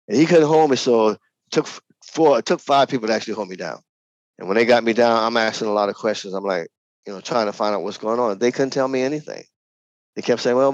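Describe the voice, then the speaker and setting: A man, a pastor, recounting his testimony with earnest feeling and frequent repetition. His voice sits at an ordinary middle pitch. It is captured in a dry, slightly muffled recording with no room echo. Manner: emotional, repetitive, earnest retelling. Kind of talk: personal testimony storytelling.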